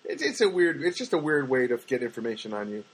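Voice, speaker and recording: A man's voice: medium pitch, big pitch swings, fast, slightly rough, low-quality recording. A man hosting a podcast, telling rambling stories in a casual monologue and acting out the people in them. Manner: rambling storyteller, acts out quoted people. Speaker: podcast host. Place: Los Angeles.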